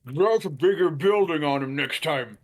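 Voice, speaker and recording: A man playing in a tabletop role-playing game, speaking briskly and offhand. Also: on the high side, animated. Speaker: player.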